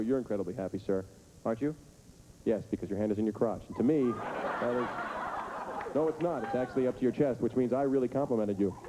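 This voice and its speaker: A male stand-up comedian teasing audience members with rapid, absurd riffs on a theater stage. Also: fairly low pitch. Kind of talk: stand-up comedy with crowd work. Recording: noisy live stage recording.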